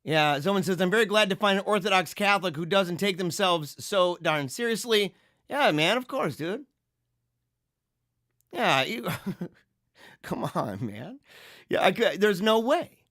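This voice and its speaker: A man hosting a casual livestream, reading viewer comments and chatting in an animated, laughing way. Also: high voice, dry recording, clean studio sound. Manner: animated, laughing, drawn-out slang. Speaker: livestream host.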